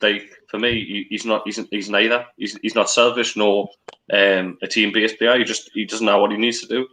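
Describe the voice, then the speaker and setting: Lively man chatting football. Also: fairly low pitch, normal speed, rough recording. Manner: rambling, opinionated, many restarts. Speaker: co-host on a live match-day fan stream. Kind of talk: casual opinionated football chat. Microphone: video call.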